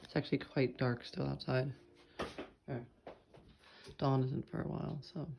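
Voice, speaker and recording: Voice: medium pitch, steady tone, fairly quick, vocal fry. A vlogger chatting casually to camera in a home kitchen, playful and rambling, full of quirky wordplay. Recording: loud background noise.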